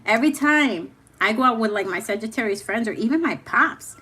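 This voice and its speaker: A woman's voice: fairly high pitch, lively intonation, brisk, pushed and bright, breathy edge. A young woman hosting a casual chat, telling candid stories in slangy, swearing speech. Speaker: host.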